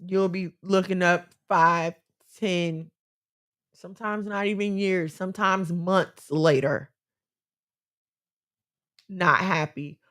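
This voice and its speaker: A woman's voice: lowish voice, fairly even intonation, takes it slowly, pauses often, a bit bright. A woman co-hosting a casual chat, giving earnest, faith-based relationship advice and repeating phrases for emphasis.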